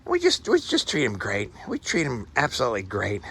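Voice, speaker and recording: A man's voice: mid-range voice, wildly swooping pitch, brisk, creaky, bright, forceful tone, breathy edge. A man giving a rambling, folksy walk-through of his backyard rabbit cages, thinking aloud as he goes. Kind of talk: casual walk-through vlog. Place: outdoor tent beside rabbit cages.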